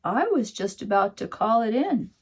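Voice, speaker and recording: A woman's voice: a little high, big pitch swings, normal speed, slightly rough. A woman voicing a proud rooster who shows off and boasts, read aloud from a storybook. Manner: boastful, showing off.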